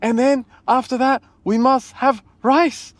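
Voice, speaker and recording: A man's voice: very high voice, steady tone, slow, no echo, pitched above the performer's own voice. A man imitating a woman who is mock-ranting in stiff, rising English, squealing at the end of each phrase. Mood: mock-bombastic.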